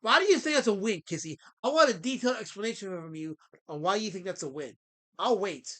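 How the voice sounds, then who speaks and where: Guy on a livestream chewing out his chat, super animated pitch, bright sharp voice, over-the-top fake outrage. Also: fast. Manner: theatrical mock-indignant scolding; swings between loud outbursts and low mutters. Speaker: livestream host.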